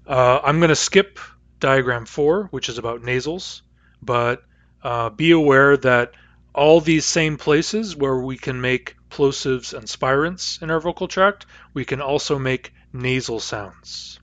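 Male instructor, patient phonetics lecture, mid-pitched, dry close sound, models each sound aloud. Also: measured pace, a bit bright, dry recording, highs cut off. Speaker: language teacher.

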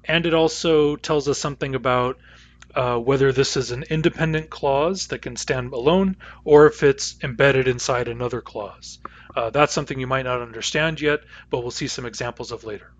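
A man teaching a language class, explaining grammar patiently and methodically with frequent pauses and fillers. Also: medium pitch. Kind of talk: lecture.

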